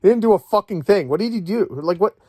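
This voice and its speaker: A young man rants in a rambling, sarcastic way, swearing freely as he talks from his bed. His voice sits a little high, and the recording is close and dry. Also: expressive, fast talker, warm tone, dry recording. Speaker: movie vlogger. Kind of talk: casual rant. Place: at home in bed.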